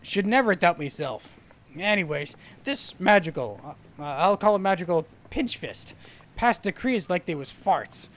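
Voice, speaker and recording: A man's voice: sits high, a bit bright. A man putting on a rowdy drunken sailor. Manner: rough sailor dialect, rambling and boisterous.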